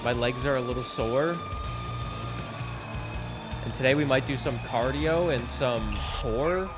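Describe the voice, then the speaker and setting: A man's voice: medium pitch, unhurried. A young man from Canada chatting casually and joking while playing a game at home. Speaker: streamer. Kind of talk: casual gameplay commentary. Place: home, indoors. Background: game music.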